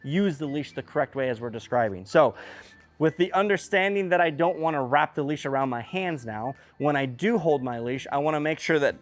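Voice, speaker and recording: A man's voice: fairly high pitch, a little fast. A man explaining leash handling in plain words with everyday comparisons. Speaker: dog trainer. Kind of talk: instructional demonstration.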